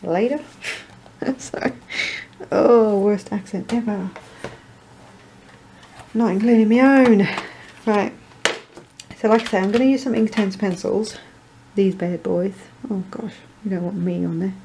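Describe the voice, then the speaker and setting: A woman's voice: mid-range voice, fairly even intonation, a little slow, long pauses, mellow, a little hiss or hum, poor audio. A woman chatting her way through a card-making tutorial, rambling with self-deprecating asides and muttering to herself. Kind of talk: crafting tutorial chat.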